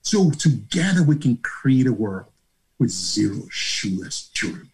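A middle-aged man with a Nigerian accent, a charity founder telling his story as an interview guest in a passionate, preacher-like way that swings from hushed to loud. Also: medium pitch, very animated, unhurried, a little hiss or hum, rough recording. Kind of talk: emotional motivational storytelling.

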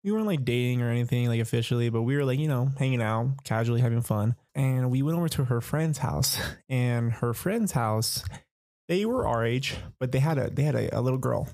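Gravelly young man telling a rambling story. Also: medium pitch, animated, fairly quick, dark tone, no echo, studio quality. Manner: rambling, profane, lots of fillers. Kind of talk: casual storytelling.

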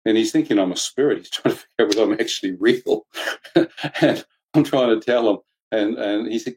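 A man's voice: mid-range voice, fairly quick, warm tone, husky, low-quality recording. A man telling a dramatic personal testimony in a loose, conversational way. He laughs often, drops in slang, and his voice jumps sharply upward whenever he acts out what someone said. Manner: colloquial slang, "mate", "flippin'". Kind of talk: animated personal storytelling.

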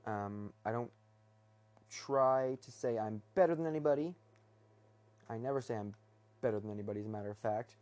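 A man's voice: medium pitch, a little fast, pauses often, a little mellow. A young man hosting his first solo talk episode, rambling hesitantly from his bedroom with many fillers and restarts. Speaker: podcast host.

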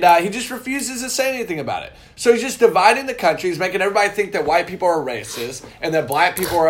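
A man in casual reaction chat, talking in an emphatic, blunt and indignant way. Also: on the high side. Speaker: co-host.

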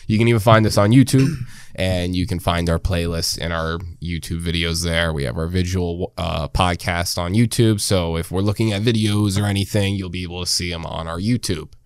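Young dude podcast host, low voice, dry close sound, chill and rambly. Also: male voice, normal speed, clean tone, dry recording. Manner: relaxed, filler-heavy, laughs often. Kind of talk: casual podcast chat.

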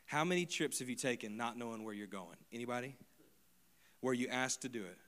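A male pastor delivering a sermon to his congregation at a church service. His voice sits at an ordinary middle pitch. He drops into quiet, personal asides and then builds to loud, emphatic repetition. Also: brisk.

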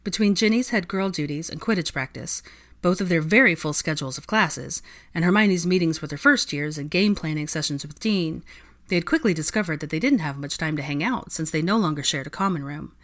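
A woman reading fan fiction aloud in an expressive storytelling way. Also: low-pitched, fairly quick. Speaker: reader.

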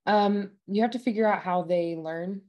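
A woman working as a dialect coach, chatting casually in an interview, bubbly and quick to laugh. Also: mid-range voice, lo-fi sound. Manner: bubbly, laughs often, enthusiastic about food. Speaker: dialect coach at a themed park. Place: Utah.

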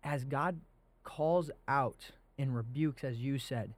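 A man's voice: medium pitch, slow pace, no echo. A young man hosting a casual faith podcast, talking earnestly and animatedly about scripture. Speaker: podcast host.

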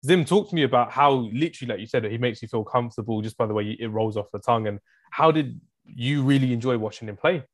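Fast-talking man in casual football chat. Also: mid-range voice. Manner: enthusiastic, rambling, listing players. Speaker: podcast co-host.

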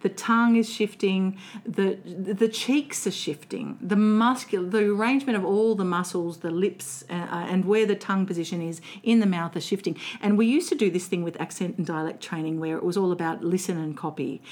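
Australian woman voice coach, animated. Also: mid-range voice, moderate pace. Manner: animated, laughs often, restarts sentences. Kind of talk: casual interview chat.

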